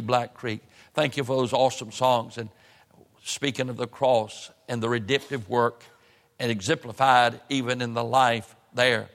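A man preaching a sermon in a church, in an emphatic, rising cadence with drawn-out phrases. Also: medium pitch, fairly bright tone. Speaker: pastor. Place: church sanctuary. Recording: church hall reverb.

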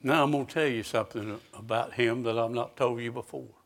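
A man's voice: medium pitch, fairly even intonation, vocal fry. A man preaching a sermon, reading scripture aloud with emphasis and asking his listeners direct questions. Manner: slow, emphatic scripture reading with rising intensity; asks the congregation direct questions.

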